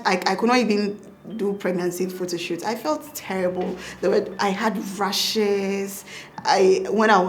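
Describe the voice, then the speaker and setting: A young woman doctor with a Ghanaian accent, telling lively stories in a casual interview and laughing often. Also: mid-range voice, slight background noise. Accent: Ghanaian English. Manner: animated, laughing, acts out quotes. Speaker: pediatric doctor and mother, guest.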